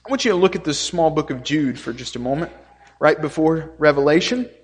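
A man's voice: a little high, expressive, fairly quick. A male preacher delivering an earnest sermon, stressing points by repeating them. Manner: earnest, repetitive preaching with emphatic lists. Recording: long reverb of a hall.

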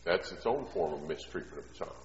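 A middle-aged man delivers a sermon in a long, ringing hall, his voice slightly muffled and dull. He slips from easy storytelling into loud, emphatic preaching and back again. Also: sits low, lively intonation, quick pace, a little hiss or hum. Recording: echoey hall, dull sound.

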